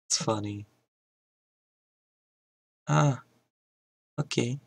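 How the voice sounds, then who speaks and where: A young man giving casual gameplay commentary, mostly mumbling to himself with sudden loud outbursts. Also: fairly low pitch, slow pace, creaky, no echo, low-quality recording. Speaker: gaming YouTuber.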